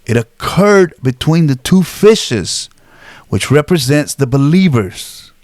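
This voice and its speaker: A man's voice: fairly high pitch, expressive, slow pace, a little mellow, no echo. A man preaching a sermon, reading scripture aloud with emphatic, dramatic delivery.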